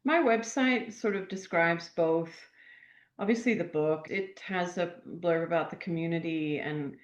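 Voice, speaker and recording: Older woman author, guest spot, earnest and reflective, low voice, roomy muffled line. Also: measured pace. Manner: reflective, earnest, warm enthusiasm. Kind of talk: podcast interview. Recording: echoey, dull remote audio.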